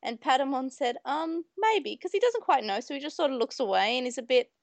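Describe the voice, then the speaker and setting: A woman's voice: sits high, fast, creaky, no echo. A woman co-hosting a casual chat, retelling scenes and acting out the quoted lines. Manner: animated, acts out quoted lines. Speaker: podcast co-host.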